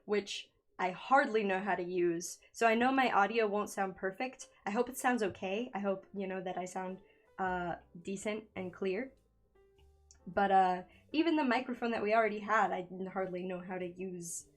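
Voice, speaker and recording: A woman's voice: medium pitch, normal speed. A young woman streaming from a makeshift home setup, chatting nervously and giggling while she draws, often losing her train of thought. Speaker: streamer and digital artist. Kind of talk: casual live-stream chat while drawing. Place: home room by a window. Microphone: studio microphone in a makeshift home setup.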